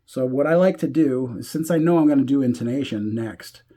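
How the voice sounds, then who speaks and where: Husky man explaining a guitar setup. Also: mid-range voice, moderate pace. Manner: relaxed, talks while working, thinks aloud with fillers. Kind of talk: hands-on tutorial explanation.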